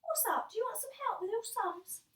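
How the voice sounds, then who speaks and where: A woman's voice: extremely high pitch, expressive, fairly quick, a bit bright, voice pushed up. A woman voicing a friendly, coaxing older brother, recorded in an echoey room from a distance. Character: helpful older brother, a boy.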